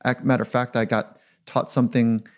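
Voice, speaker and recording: A man's voice: mid-range voice, little pitch movement, brisk. A man being interviewed as a performance psychologist, talking in a reflective, emphatic way. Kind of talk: podcast interview.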